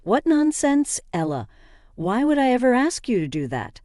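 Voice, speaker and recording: A narrator voicing an angry, defensive husband who sounds accusing and indignant. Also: male voice, very high voice, big pitch swings, moderate pace, darkish tone, no room sound, clean studio sound, voice pushed up. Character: angry, defensive cheating husband, adult man.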